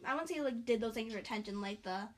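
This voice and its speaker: A woman's voice: fairly high pitch, very fast. A teenage girl hosting a casual book review chat, talking freely with many likes and fillers. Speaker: book club host.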